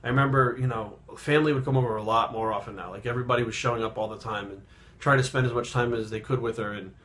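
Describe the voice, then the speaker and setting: A man in his thirties, a fitness vlogger, telling a personal story in a rambling, halting way, subdued and reflective, with frequent swearing. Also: medium pitch, steady tone, a bit bright.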